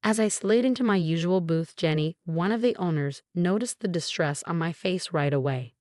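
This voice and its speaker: A woman reading a first-person story in an even, measured narration, reading the dialogue in her own voice. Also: fairly low pitch, no room sound, studio quality.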